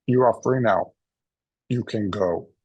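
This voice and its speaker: A man putting on a flat, robotic voice for a huge young German student. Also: lowish voice, slow, breathy edge, distant mic, highs cut off. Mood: deadpan.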